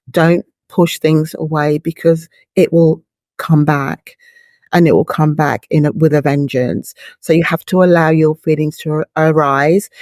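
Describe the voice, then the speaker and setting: Her voice low and darkish, a middle-aged bereaved mother speaks as a guest in a reflective interview, earnest and heartfelt. She works through her thoughts with long, patient images, recorded in studio quality without echo.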